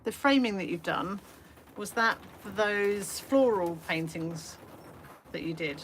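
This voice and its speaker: Taking things slowly, an English art livestreamer speaks in an animated, medium-pitched voice from her small shed studio. She rambles chattily with fillers and makes fun of herself, and there's faint noise behind her.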